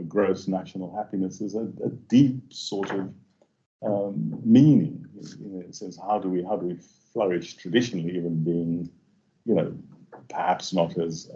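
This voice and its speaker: A man giving a halting academic seminar talk, full of fillers and restarts, over muffled online call audio. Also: deep voice, vocal fry, dark tone. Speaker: invited speaker.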